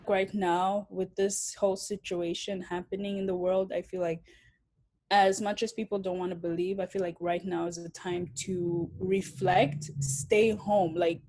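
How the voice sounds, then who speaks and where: A woman's voice: fairly low pitch, level tone, a little slow, a little mellow. A young woman from Africa, speaking bluntly and swearing freely in a casual interview.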